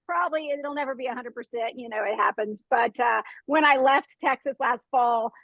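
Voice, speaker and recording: A woman hosting a group talk, telling an animated story, laughing often and acting out the sounds. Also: fairly high pitch, normal speed, dry recording, narrow, tinny audio. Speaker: host.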